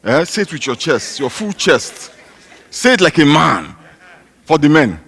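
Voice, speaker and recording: A pastor from Nigeria, out of breath, preaching a sermon in a church hall with a chatty, joking manner that rises to loud, emphatic declarations. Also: male voice, on the high side, sing-song, unhurried, breathy edge. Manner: chatty, joking, breaks into laughter.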